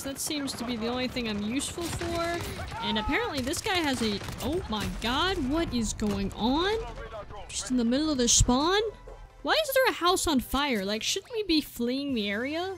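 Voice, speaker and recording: A woman giving excitable gameplay commentary, exclaiming and talking at enemies as she plays. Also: high-pitched. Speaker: gaming video creator. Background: game gunfire and music.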